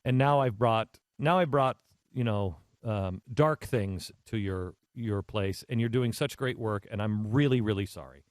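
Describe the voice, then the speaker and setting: Man playing a contrite middle-aged politician, apologizing, soft halting voice, dry sound. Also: on the low side, dry recording, pitched below the performer's own voice, close to an everyday voice. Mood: apologetic.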